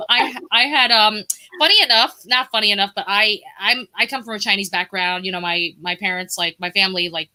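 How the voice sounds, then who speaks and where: Woman guest from Brooklyn, very bright tone, rambling casual chatter, talking over a video call. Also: mid-range voice. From Brooklyn, New York. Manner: chatty and rambling, many filler words. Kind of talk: casual chat on a live-streamed talk show.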